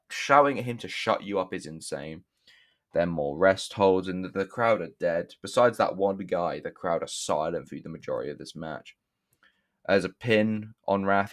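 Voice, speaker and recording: A young man talking through a wrestling show review in a casual, rambling way, swearing often and stopping to correct himself. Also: deep voice. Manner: rambling, profane, self-correcting with restarts.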